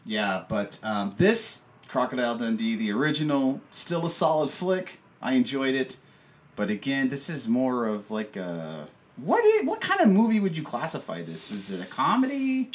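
A man co-hosting a casual podcast, chatting in an animated, jokey way and laughing often. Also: mid-range voice, normal speed. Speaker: podcast co-host. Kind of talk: casual chat.

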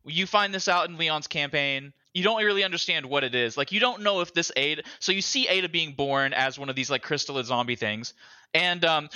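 Man, high voice, bright tense tone, excitable, swears a lot, casual podcast chat over a call. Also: lo-fi sound. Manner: excitable, swearing, builds into shouting while retelling scenes. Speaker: podcast co-host. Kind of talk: casual podcast chat about a video game. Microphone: online call.

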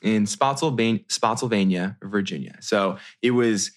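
A man in his thirties from the United States telling a personal story in a casual, animated way, with many restarts and fillers. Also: on the low side, moderate pace. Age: 30s.

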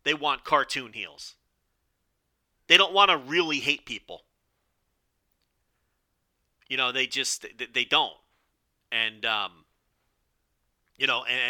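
A man hosting a solo podcast, giving opinionated commentary in a rambling style with restarts and "okay?" asides, his voice strained and going hoarse. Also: mid-range voice, slow pace, pauses often, sharp tone. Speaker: podcast host.

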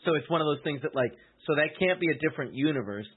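A man's voice: on the high side, expressive, fast, slightly rough. A man on a podcast thinking aloud in casual chat, posing tentative questions. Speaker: podcast co-host. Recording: tinny phone-like lo-fi sound.

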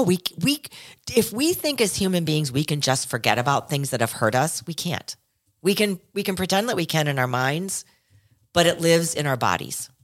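Woman podcast co-host, casual talk, earnest and thoughtful, restarts a lot. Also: a bass voice. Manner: earnest, reflective, talks in restarts. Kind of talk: casual chat.

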